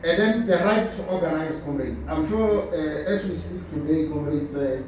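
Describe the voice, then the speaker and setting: A trade union official giving a slide presentation at a conference, speaking deliberately and urging his listeners, whom he keeps calling comrade. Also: a little high, darkish tone. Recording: very echoey, distant mic, faint noise.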